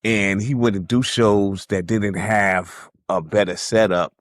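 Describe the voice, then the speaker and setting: A man from New York, a music producer guest, calmly recalling stories in a casual interview. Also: fairly low pitch, takes it slowly, no echo, clean studio sound. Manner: laid-back, reflective recollection.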